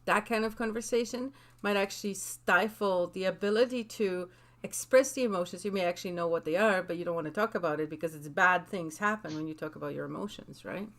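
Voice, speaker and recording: A woman on a discussion panel, animated, acting out quoted scolding voices as she makes her point. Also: lowish voice, brisk.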